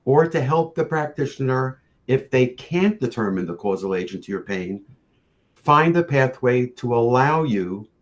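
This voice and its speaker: A man presenting a lecture on facial pain, speaking in a measured storytelling way with occasional fillers and restarts. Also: medium pitch. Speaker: orofacial pain practitioner presenting.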